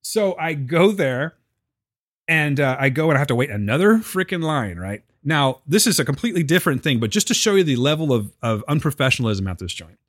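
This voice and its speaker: A man's voice: fairly high pitch, fairly quick, dry recording, studio quality. A man telling a story in casual chat, swearing freely and acting out what others said. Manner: profane, animated, acts out quotes.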